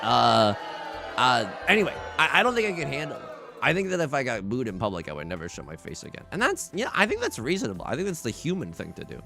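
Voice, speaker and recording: A man streaming a mahjong game, chatting in a rambling, excitable way and shouting when the game turns. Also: medium pitch, fast, creaky, soft background music. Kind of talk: livestream commentary over a mahjong game.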